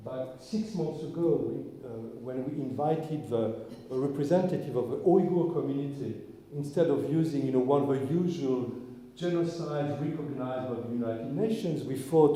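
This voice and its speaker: A man's voice: mid-range voice, moderate pace, dark tone. A man, a rabbi, giving an informal sermon to his congregation in a synagogue, earnest and searching. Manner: earnest, searching, with frequent restarts. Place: synagogue hall. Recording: echoey hall, long reverb.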